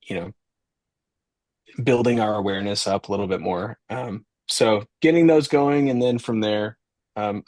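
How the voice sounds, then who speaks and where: A man's voice: lowish voice, no echo. A man, a company founder, talking as a guest in an easygoing casual chat, thinking aloud as he goes.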